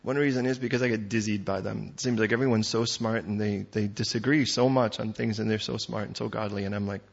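A man preaching a sermon in a conversational way, pushing louder and faster at times and then dropping quiet. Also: on the low side, steady tone, vocal fry, highs cut off. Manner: conversational preaching, building to loud fast bursts then dropping soft. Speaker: pastor.

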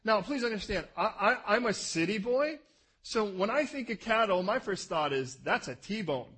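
A man's voice: high-pitched, lively intonation, moderate pace, a bit bright, breathy edge. A man giving a conversational sermon in church, telling the story and asking his listeners rhetorical questions. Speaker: preacher.

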